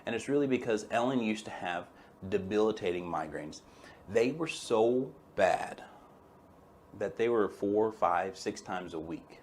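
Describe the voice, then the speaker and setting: A man with a fairly low voice hosts a webinar in a relaxed, folksy manner. He talks to his audience like friends, with easy enthusiasm and a casual storytelling flow. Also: measured pace, a little hiss or hum. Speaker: chiropractor hosting a webinar.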